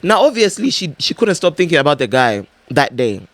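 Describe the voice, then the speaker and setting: A man's voice: fairly high pitch, a little fast, no room sound. A man with a Malawian English accent hosting a podcast, telling a story casually and acting out each character as he goes. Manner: animated, acts out every character. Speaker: podcast host.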